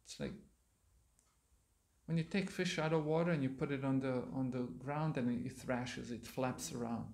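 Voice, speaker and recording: Monk telling a story in an echoey hall. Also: male voice, medium pitch, steady tone, moderate pace, darkish tone. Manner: explains words aside to listeners. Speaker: monk lecturer. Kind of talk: sermon with a read-aloud story. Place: temple hall.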